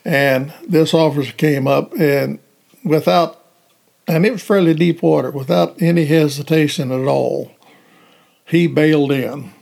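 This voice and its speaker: An older man, a retired police officer, recalling events in halting, hesitant phrasing during an interview. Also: fairly high pitch, fairly even intonation, creaky, darkish tone. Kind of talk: storytelling interview answers.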